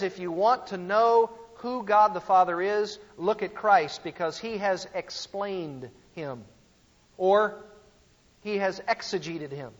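High-voiced preacher in a hall. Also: male voice, lo-fi sound. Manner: emphatic teaching with rhetorical questions to the audience. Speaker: pastor teaching a series. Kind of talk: sermon.

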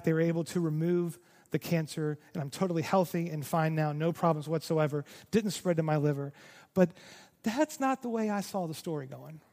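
Brief: male pastor, high voice, earnest sermon delivery, echo of a church hall. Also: a little mellow. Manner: earnest, repeating words when emphatic.

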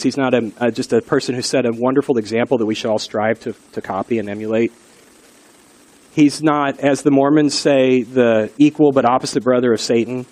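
A man's voice: mid-range voice, a little mellow. A middle-aged male pastor giving an earnest, conversational sermon and telling stories along the way. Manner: earnest, conversational preaching with storytelling.

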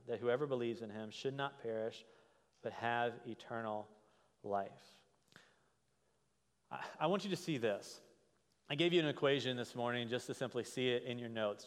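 A pastor preaching a sermon in a conversational way, often checking in with "right?". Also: male voice, medium pitch, smooth. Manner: conversational, frequent "right?" tag questions. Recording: reverberant hall.

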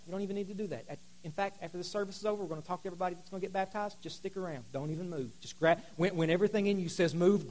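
Fired-up high-voiced male pastor. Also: poor audio. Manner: exhorting, call-and-response with congregation; swings from loud fired-up bursts to low intimate talk. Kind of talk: sermon. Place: rented hall before a congregation.

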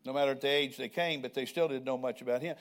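A man's voice: mid-range voice, fairly even intonation, fast talker. An older man preaching a sermon in a conversational way, often asking the congregation questions. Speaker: pastor.

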